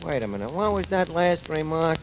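An actor in a 1940s radio comedy playing a fast-talking, sarcastic male tavern manager with slangy speech, on an old lo-fi recording. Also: fairly high pitch, big pitch swings. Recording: dull lo-fi old radio recording, faint hiss.

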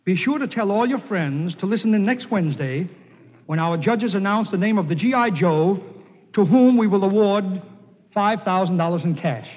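Brash high-voiced 1940s radio host. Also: male voice, expressive, moderate pace, a little hiss or hum. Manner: brash, bantering and joking. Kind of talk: 1940s radio variety comedy. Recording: dull 1940s radio broadcast in a hall.

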